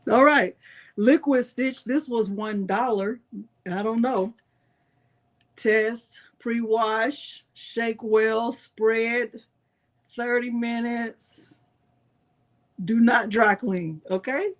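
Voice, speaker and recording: A woman's voice: on the high side, steady tone, drawn-out words, long pauses. A woman hosting a casual live-stream crafting tutorial, chatting with viewers and reading product labels aloud.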